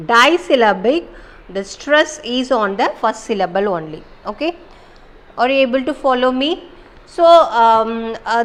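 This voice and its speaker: A woman teacher with a Kerala Indian English accent talks through an English lesson in a fairly high voice. She explains step by step, leans on fillers and often checks whether her students follow. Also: low-quality recording. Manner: explains slowly with many fillers and check-ins. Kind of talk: recorded online English lesson.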